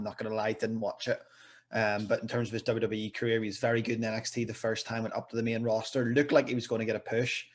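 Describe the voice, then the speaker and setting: A man as a podcast guest in casual wrestling chat, giving relaxed, measured opinions. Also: lowish voice.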